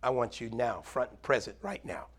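A middle-aged man preaching a sermon as pastor, animated, swinging between loud highs and quiet low murmurs. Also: moderate pace, husky.

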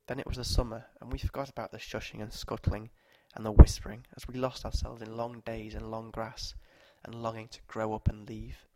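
A man narrating short stories aloud at a measured, steady pace. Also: fairly low pitch, dry recording.

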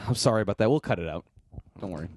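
A man's voice: lowish voice, lively intonation, brisk, no echo. A man co-hosting a podcast in a casual chat, loose and wry. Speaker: podcast co-host.

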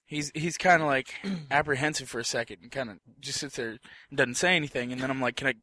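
A man on a casual podcast telling a profane drinking story, shouting out the quoted lines. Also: medium pitch, fast. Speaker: podcast co-host.

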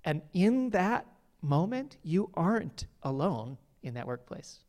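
A male pastor gives a sermon in a relaxed, chatty way, leaning on filler words and speaking earnestly. His voice sits a bit higher than most men's. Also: slow. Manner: conversational, many "like" fillers, earnest.

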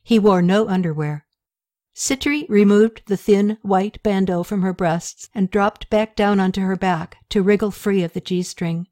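A woman narrating an audiobook in a steady, even reading manner. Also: medium pitch, a little slow, dry recording.

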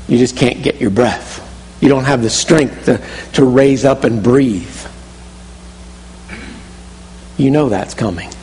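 A man's voice: mid-range voice, unhurried, a little mellow, long reverb tail, slight background noise, poor audio. A man preaching a sermon, telling a story vividly in the second person and often restarting his phrases. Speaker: pastor.

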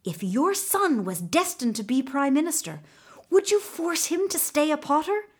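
A woman's voice: high voice, animated, normal speed, voice pushed up. A woman voicing a scheming male magic horse who whispers orders in a storybook tale. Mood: commanding. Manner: whispering, bossy.

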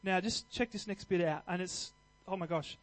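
Earnest high-voiced male preacher. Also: moderate pace, poor audio. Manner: earnest, conversational, with restarts and fillers; builds to louder emphatic passages. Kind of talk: sermon.

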